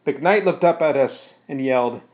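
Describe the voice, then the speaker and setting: A man narrates a first-person story in a steady voice of middling pitch, then explains it casually with fillers. The recording is narrow and phone-like. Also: normal speed. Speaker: storyteller reading his own story.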